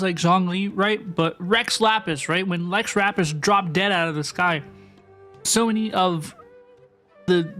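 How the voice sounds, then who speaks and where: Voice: medium pitch, a bit bright. A game streamer chatting casually with viewers, rambling with lots of fillers and tag questions. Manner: rambling, filler-heavy, asks chat "right?". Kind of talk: casual live-stream commentary.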